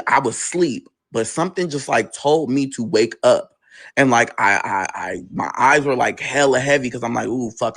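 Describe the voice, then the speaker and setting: A man's voice: medium pitch, a bit bright. A man candidly recounting a painful personal story, swearing freely and raising his voice to quote others. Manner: candid, profane, quoting others in raised voices. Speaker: guest telling his life story.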